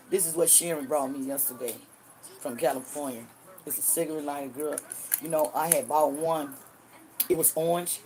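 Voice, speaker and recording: Sixty-ish lady on a livestream, lower-pitched voice, going off on folks in AAVE, loud then muttering low. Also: a little hiss or hum. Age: 60s. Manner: loud, cursing, trash-talking, swings between hollering and low muttering. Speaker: livestream host. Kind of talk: livestream chat answering viewers.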